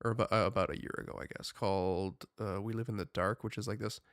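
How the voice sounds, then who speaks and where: A young man co-hosting a podcast in casual chat, rambling and animated with lots of filler words. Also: lowish voice, fast, no echo, clean studio sound. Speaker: podcast co-host.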